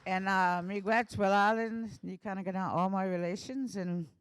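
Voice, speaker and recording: A woman's voice: mid-range voice, steady tone, normal speed, clean tone. A woman speaking briefly and informally at a panel after performing a song.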